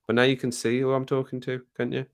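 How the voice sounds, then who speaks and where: A man's voice: mid-range voice, monotone, fast talker, clean tone. A middle-aged man from England hosting a casual live chat, reading out comments, laughing often and baby-talking to his cat at home. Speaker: livestream host.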